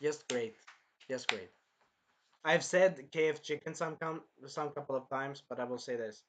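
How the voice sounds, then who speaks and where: A man giving a casual anime review in an excitable, rambling way, swearing often. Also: medium pitch, moderate pace.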